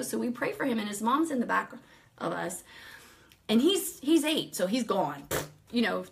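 Animated woman telling a testimony. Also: on the high side, normal speed, creaky. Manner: animated, laughing often, acting out quotes. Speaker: ministry speaker telling a story. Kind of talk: casual storytelling testimony.

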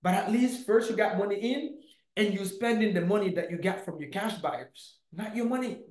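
A man coaching to camera in a punchy, emphatic way, with lots of "bam" and "boom". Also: normal speed, roomy sound, low-quality recording. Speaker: real estate coach. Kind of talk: motivational teaching to camera.

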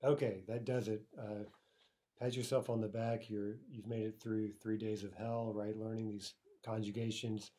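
A man teaching a recorded language lesson. He explains step by step, often asks "right?" and says the example words slowly and carefully. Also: fairly low pitch, little pitch movement, dark tone.

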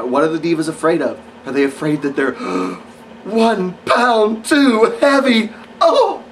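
A man's voice: on the high side, distant mic, a little hiss or hum, low-quality recording. A man giving a casual, rambling spoken review of wrestling matches, sarcastic and full of fillers.

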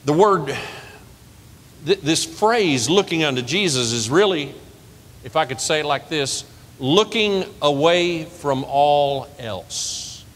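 A man preaching a sermon as pastor, lively and conversational, asking the congregation questions and laughing along with them. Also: slow pace. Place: church sanctuary. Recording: reverberant church hall with faint rumble.

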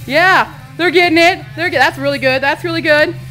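High bright excitable woman vlogger. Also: soft background music, low-quality recording. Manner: excitable, rambling, with quick restarts. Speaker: vlog host. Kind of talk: casual video-diary chat.

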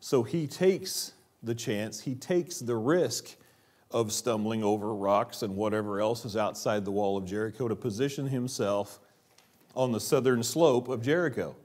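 A man preaching a church sermon, asking rhetorical questions and dropping his voice low for quiet emphasis. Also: a little slow. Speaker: pastor. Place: church sanctuary.

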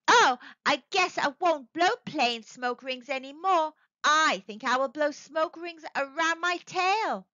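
Woman doing a young boy dragon, boastful, storybook voice, lively high tone, slightly dull lo-fi sound. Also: unhurried, no room sound, full character voice. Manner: show-off, then glum and lonely.

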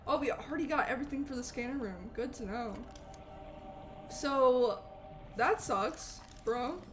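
A young woman streaming a game live, chatting with viewers in a bubbly, animated way and eagerly thanking them. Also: sits high, a little slow. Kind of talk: live gameplay stream chat.

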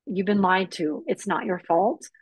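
A woman's voice: mid-range voice, measured pace, slightly rough, dry recording, rough recording. Earnest woman sharing a personal story. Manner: earnest and animated, acting out quoted voices. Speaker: podcast guest. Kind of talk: personal testimony in conversation.

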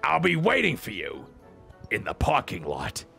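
A man's voice: wildly swooping pitch, a little slow, sharp tone, soft background music, heavily acted. A man doing a growling old pirate skipper. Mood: gruff. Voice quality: gravelly growl. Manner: growls "arr" and drops into rumbling lows. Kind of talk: comedic game voice-over.

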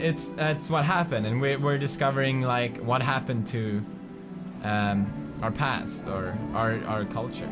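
A man in his twenties giving playful, excitable let's-play commentary and chatting to his game companion. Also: mid-range voice. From Sweden. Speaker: gaming host. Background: game music.

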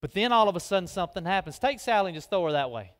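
A man preaching a sermon in a folksy, animated way, directing people onstage. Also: high voice, very fast. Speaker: guest preacher. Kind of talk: sermon with live skit. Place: large church hall. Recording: long reverb of a big hall.

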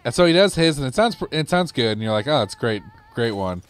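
A man's voice: medium pitch, big pitch swings, fast, clear, resonant tone, soft background music. A man co-hosting a let's play, chatting casually and rambling through anecdotes with a loose, laughing manner. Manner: rambling storyteller, laughing at his own anecdotes; casual, loose, swears freely. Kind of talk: casual gaming chat.

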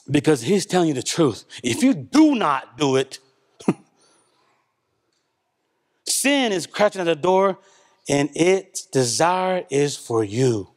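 A man preaching a sermon as pastor, a father of a young son, talking animatedly and swinging between loud bursts and hushed asides. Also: sits high. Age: young adult or middle-aged, father of a young son. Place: church.

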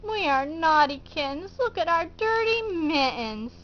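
A woman's voice: extremely high pitch, animated, unhurried, a little hiss or hum. A woman voicing a group of small childlike kittens in a simple sing-song way for a preschool story. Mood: sad. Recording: dull lo-fi recording.

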